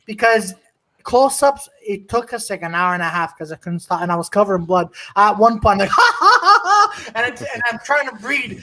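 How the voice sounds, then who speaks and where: A man co-hosting a podcast in casual chat, an animated storyteller who laughs often and acts out the people in his stories. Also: high-pitched, fairly quick, rough recording.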